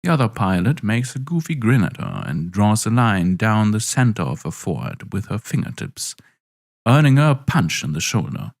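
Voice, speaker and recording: A man narrating a story with a wry, expressive delivery. His low voice carries a gravelly fry and swings widely in pitch. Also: normal speed.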